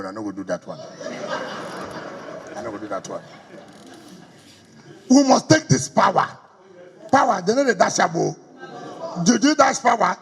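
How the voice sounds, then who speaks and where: A middle-aged man with a Nigerian accent makes a combative campaign speech in a reverberant hall. His voice sits high for a man and is heavily gravelly and husky. The room's long echo trails behind every line. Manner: combative, rhetorical questions, switches into pidgin. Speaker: politician addressing party stakeholders. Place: government house hall. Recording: echoey hall recording.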